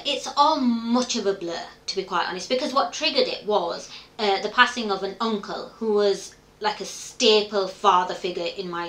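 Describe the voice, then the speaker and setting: With a mid-range, fairly bright voice, a middle-aged woman tells her story as an interview guest. She is open and reflective, often voicing the thoughts she had at the time, and the candid conversation is recorded in an echoey room.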